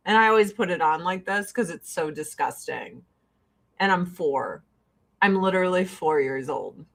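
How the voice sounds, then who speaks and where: A woman's voice: on the low side, animated, moderate pace, vocal fry, a bit bright. A middle-aged woman chatting casually while doing her makeup, telling blunt, profane stories with frequent laughs. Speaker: vlogger. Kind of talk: casual get-ready-with-me chat.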